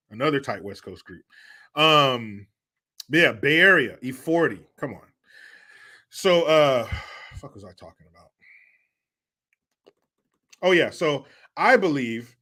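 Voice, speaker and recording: A man's voice: medium pitch, expressive, measured pace, pauses often, bright, forceful tone. A man hosting a casual livestream, rambling and swearing as he answers comments. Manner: profane, rambling, laughs at own jokes. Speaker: livestream host.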